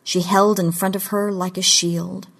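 A woman narrating a fantasy short story in a measured, deliberate storytelling delivery. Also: medium pitch, flat delivery, gravelly, a bit bright. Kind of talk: scripted audiobook narration of fiction.

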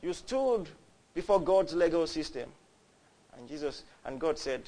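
A man's voice: on the high side, lively intonation, unhurried, pauses often. A man, preaching a fervent, storytelling sermon. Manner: fervent, builds to loud cries, storytelling.

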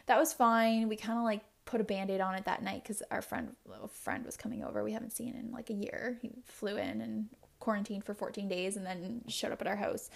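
A woman's voice: medium pitch, steady tone, brisk, vocal fry. A young adult woman hosting her own podcast, talking openly and confessionally in a rambling way full of "like" fillers. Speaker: podcast host. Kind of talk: candid solo podcast talk.

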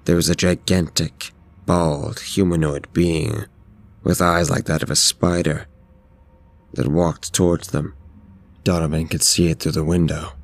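A man reads a scripted horror story in a measured, steady delivery. His voice sits extremely low and has a gravelly texture. The melody stays flat throughout.

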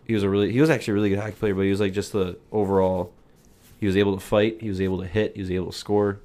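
A man's voice: lowish voice, level tone, racing, mellow. A young man co-hosting a podcast, telling rambling stories and laughing at his own jokes. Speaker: podcast co-host. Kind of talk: casual chat.

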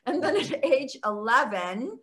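An older woman recounts her career in a casual interview, speaking over a video call with a slightly high voice. She is chatty and laughs often as she tells her stories. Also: very animated, unhurried, a bit bright. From Texas. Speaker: guest actress.

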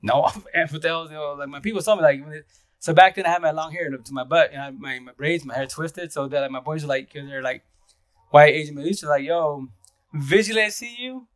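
Casual livestream host, male, rambling and slangy, quick delivery with frequent laughs. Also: on the high side, steady tone, no room sound. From Eastern Washington, USA. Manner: rambling, slangy, laughs often, greets viewers.

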